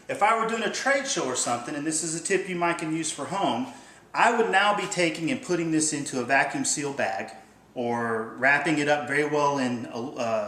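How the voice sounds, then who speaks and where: Folksy man in an echoey kitchen. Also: fairly high pitch. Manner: relaxed, folksy, plain-spoken. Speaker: company host demonstrating cooking. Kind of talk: casual cooking demonstration. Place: indoor kitchen. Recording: roomy kitchen echo.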